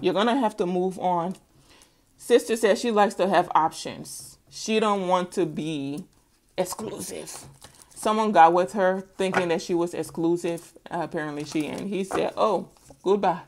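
A woman's voice: fairly low pitch, moderate pace, a little mellow, a little hiss or hum. Woman tarot reader, middle-aged, casual sassy delivery with teasing asides and emphatic repetition.

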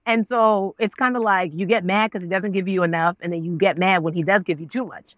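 Animated woman telling her story. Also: medium pitch, fairly quick, dry recording, highs cut off. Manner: expressive, acts out her own past dialogue with God. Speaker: guest, actress and author.

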